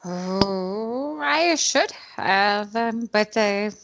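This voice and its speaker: A woman's voice: mid-range voice, animated, drawn-out words, noisy background. A woman playing in a tabletop game, playful and giggly in casual chat. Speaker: player.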